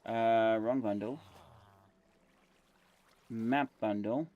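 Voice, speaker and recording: A man's voice: on the low side, fairly even intonation, drawn-out words, narrow, tinny audio. A man casually commentating his game stream, thinking aloud with fillers and self-corrections while chewing gum.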